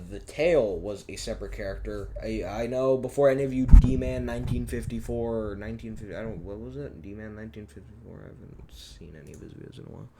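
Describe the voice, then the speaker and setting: A man's voice: on the low side, a little mellow, a little hiss or hum. A man giving a rambling, self-deprecating director's commentary on his own fan series, often unsure of himself.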